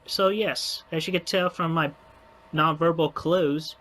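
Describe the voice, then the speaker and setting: Man, halting and stumbling monologue, archive clip with light noise. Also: a little high, steady tone, bright, forceful tone, rough recording. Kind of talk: video monologue.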